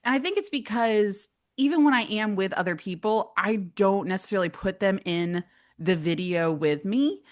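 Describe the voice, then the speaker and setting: A woman guest on a podcast, chatty and animated as she tells stories. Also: medium pitch, moderate pace. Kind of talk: casual interview.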